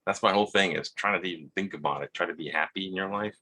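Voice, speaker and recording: A man with a Hawaiian accent telling a rambling personal story, halting, repeating words and acting out quotes in a husky voice. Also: low voice, bright, forceful tone, a little hiss or hum. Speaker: vlogger.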